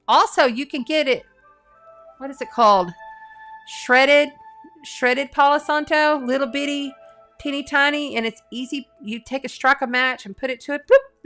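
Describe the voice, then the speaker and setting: A woman's voice: sits high, pushed and bright. A middle-aged woman, an astrologer and tarot reader, chatting casually on a live stream, earnest and talkative with lots of fillers and restarts. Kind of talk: casual live-stream chat reading viewer comments.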